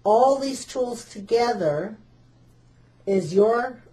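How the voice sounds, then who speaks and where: A woman's voice: fairly high pitch, expressive, drawn-out words, dark tone. A woman interviewer asking questions and summarizing in a friendly way.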